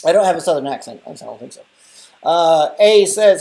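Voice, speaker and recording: A man's voice: a little high, lively intonation, normal speed, creaky, mellow. A young adult man hosting a casual live stream, rambling and chatting through viewer comments. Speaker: live stream host and app developer.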